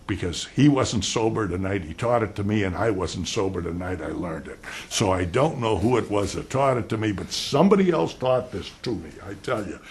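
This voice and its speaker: An older man giving an animated law lecture on cross-examination, acting out both roles and swinging between loud and soft. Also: on the low side, a little fast, few pauses. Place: lecture hall.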